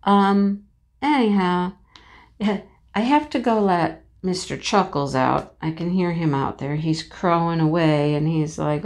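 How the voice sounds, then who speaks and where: A woman's voice: on the low side, unhurried. Chatty woman telling a homey anecdote. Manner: animated, acts out voices in anecdotes, laughs often. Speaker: crafting vlogger. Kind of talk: casual chatty storytelling. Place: home office by a window.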